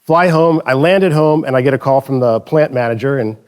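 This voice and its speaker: A man's voice: medium pitch, brisk, clean tone. A man presenting a conference talk on stage, telling anecdotes in a casual, joking way with frequent restarts. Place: stage in front of an audience.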